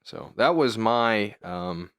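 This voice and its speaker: A man's voice: lowish voice, lively intonation, slow, fairly bright tone, smooth, no room sound. A young man co-hosting a casual podcast, laid-back and dry, often giving short replies. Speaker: podcast co-host. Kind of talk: casual chat.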